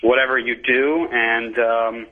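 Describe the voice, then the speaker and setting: An easygoing male caller heard over a tinny phone line, his voice mid-pitched. He chats loosely and fills his pauses with the odd "uh.". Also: level tone. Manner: easygoing, chatty. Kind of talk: call-in phone call.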